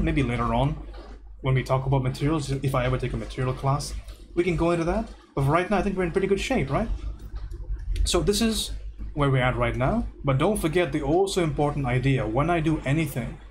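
A man's voice: medium pitch, slight background noise. A man giving a casual, joking live painting lesson, often checking in with "right?". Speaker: art instructor.

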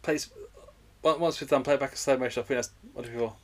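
A man's voice: mid-range voice, steady tone, quick pace. A man co-hosting a comedy podcast, dropping brief, dry interjections into casual banter. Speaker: podcast co-host.

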